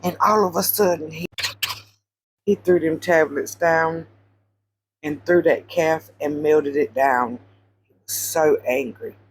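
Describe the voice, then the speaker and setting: A woman casually retelling Bible stories, animated, repeating phrases for emphasis and quizzing her listeners. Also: low-pitched, takes it slowly, pauses often, slight background noise. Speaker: Christian social media storyteller.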